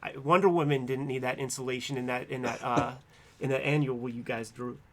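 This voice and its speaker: Upbeat, laughing comics co-host. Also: male voice, medium pitch, steady tone, fairly quick, fairly bright tone. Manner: enthusiastic, laughing, filler-heavy. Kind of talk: casual chat, comic commentary.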